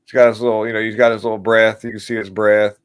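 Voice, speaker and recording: A man's voice: lowish voice, flat delivery, fast, clean tone. A man hosting a casual political livestream, rambling and mocking in a crude way and laughing at his own jokes. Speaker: livestream host.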